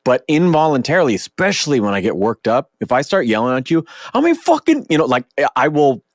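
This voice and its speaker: Male podcast host, 30s, animated, profane, dry close mic. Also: medium pitch, quick pace, no echo. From Oregon, US. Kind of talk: casual podcast chat.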